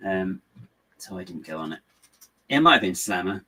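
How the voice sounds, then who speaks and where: A man's voice: low-pitched, expressive, moderate pace, pushed and bright, breathy edge. A man with a rambling, self-mocking way of talking, chatting casually and chuckling while he builds LEGO and answers viewers. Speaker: LEGO builder and channel host.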